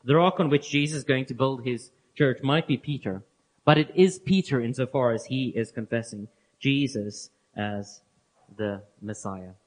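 A man giving a Bible teaching talk, earnest and explanatory, who repeats key phrases and lets his phrase endings fall soft and low. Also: normal speed. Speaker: preacher.

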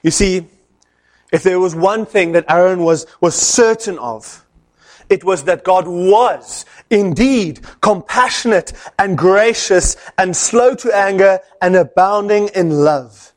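A man preaching a sermon, telling a story in an animated way with dramatic pauses. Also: high voice.

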